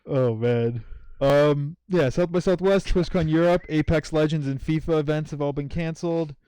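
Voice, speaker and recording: A man hosting a casual gaming podcast, rambling through the news with lots of ums and quick laughs. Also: on the high side, warm tone, clean tone, no echo. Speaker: podcast host.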